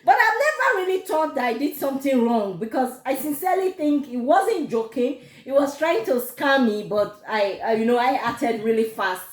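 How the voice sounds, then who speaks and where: A woman with a Nigerian accent telling a personal story to camera, animated and quick to laugh. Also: high voice. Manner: animated, laughs often, gives advice. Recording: echoey room.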